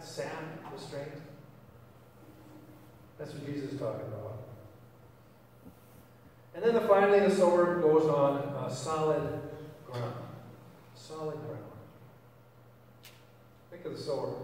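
A man's voice: a little high, a little mellow, slight background noise. A man preaching a casual, rambling sermon full of fillers and restarts, as pastor of his church. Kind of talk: conversational sermon. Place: church sanctuary. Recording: echoey church hall, mic far off.

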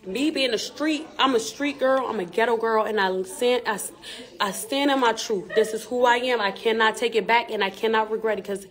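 A forceful woman talking on a live stream, her words punchy, repetitive and full of street slang. She speaks at a mid pitch for a woman, with the plain, confident delivery of a rapper addressing her fans. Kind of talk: candid live-stream talk.

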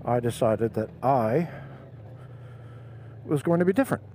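This middle-aged motovlogger speaks in an unhurried, mid-range voice, and the audio is poor, with road and traffic noise audible from his helmet headset mic as he rides outdoors. Casual and animated, he recounts a tale from his younger days, voicing each person he quotes.

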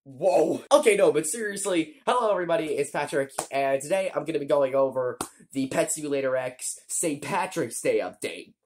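A man's voice: fairly high pitch, moderate pace, a little mellow, a little hiss or hum. A man chatting casually as he walks through a game update, joking around and teasing himself. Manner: joking, chatty, self-mocking. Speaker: gaming YouTuber.

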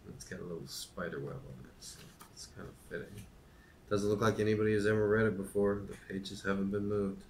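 A man's voice: on the low side, a little hiss or hum. A man hosting a podcast, chatting casually with many fillers and then reading a children's book aloud. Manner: relaxed, hesitant, many fillers.

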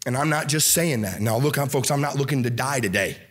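A young man preaching a fervent sermon as pastor to a congregation in a church, often shouting. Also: brisk. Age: young adult. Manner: fervent, often shouting, wide swings in pitch. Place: church sanctuary before a congregation.

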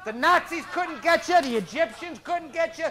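An actor playing a bitter, foul-mouthed middle-aged police officer in a stage drama, blunt and defiant. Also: male voice, very high-pitched, lively intonation, moderate pace, sharp tone, exaggerated voice. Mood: angry.

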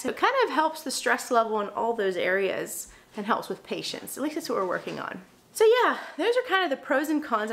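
A woman's voice: mid-range voice, a bit bright. A young woman, a mom and vlogger, chatting casually about housekeeping and using lots of filler words. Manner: chatty, frequent "like" fillers, self-deprecating asides. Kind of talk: casual talk to camera while cleaning.

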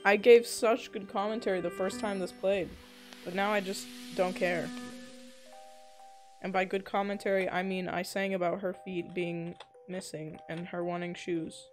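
A woman's voice: on the low side, little pitch movement, moderate pace, faint music behind. A young woman streaming a game live, reacting to chat with exasperated outbursts of disbelief. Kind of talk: live gameplay commentary.

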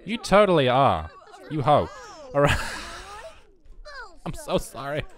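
Man, excitable game commentary, lively up-and-down pitch, rambling. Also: takes it slowly. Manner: excitable, rambling, bursts into shouts. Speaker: game streamer. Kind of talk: casual gameplay commentary.

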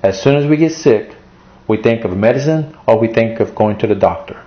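A man's voice: on the low side, lively intonation, fairly quick, highs cut off. A male pastor preaching an emotional sermon, repeating his points and reading scripture aloud.

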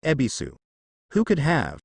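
A man reading the lines of a brash, loud teenage ninja boy in a fan fiction, with a lively, dry delivery. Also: fairly high pitch, a little slow, gravelly, breathy edge, dry recording, heavily acted. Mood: surprised. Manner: shouting, defiant.

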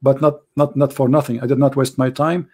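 A man with an Arabic accent hosting a live call-in show, hoarse from losing his voice, preaching fervently and rising to emphatic declarations. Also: medium pitch, flat delivery, fairly quick, mellow.

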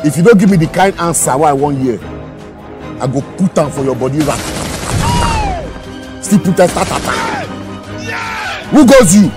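A man's voice: on the high side, expressive, moderate pace, long pauses. A man with a Nigerian accent acting in a theatrical, threatening and preachy manner in a comedy skit, with music behind.

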